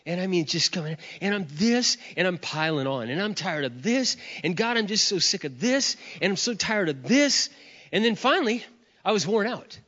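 Man, middle-aged, pastor, sermon storytelling, high animated voice, self-mocking, muffled sound, long hall echo. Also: moderate pace. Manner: animated, self-mocking, acts out both sides of a prayer.

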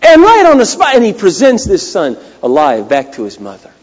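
A man preaching a sermon, swinging between loud cries and hushed, quiet lines. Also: sits high, huge pitch swings, moderate pace. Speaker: pastor. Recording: long hall reverb.

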